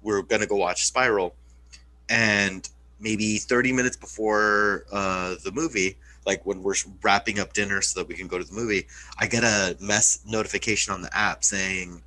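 Male co-host, bright and forceful tone, lowish pitch, rambling, swears freely. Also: fairly even intonation, normal speed, slight background noise, poor audio. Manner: loose, profanity-laced, many filler "like"s. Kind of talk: casual podcast chat.

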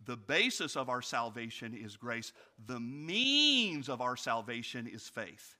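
A male pastor preaching a sermon, asking his congregation direct questions and swinging from loud storytelling to quiet reflection. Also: medium pitch, a little slow. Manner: animated storytelling, rising loud for anecdotes, dropping quiet for reflection.

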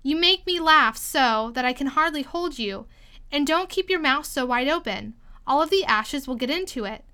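A woman voicing a curious, polite little girl in a storybook, gentle and eager. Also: high voice, lively intonation, moderate pace, full character voice.

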